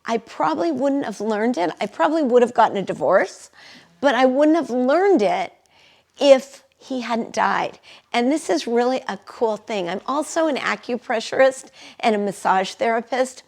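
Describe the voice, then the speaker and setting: Slow gravelly-voiced woman leading a workshop. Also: a little high. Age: middle-aged. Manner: chatty, laughs often, leads call-and-response affirmations. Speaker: workshop leader and energy healer. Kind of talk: live workshop talk.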